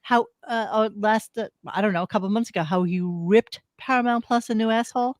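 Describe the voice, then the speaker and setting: A man's voice: high voice, brisk, dry recording, clean studio sound. A man co-hosting a podcast, chatting casually and crudely, joking and riffing on radio clips. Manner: crude, joking, playful riffs. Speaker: podcast co-host.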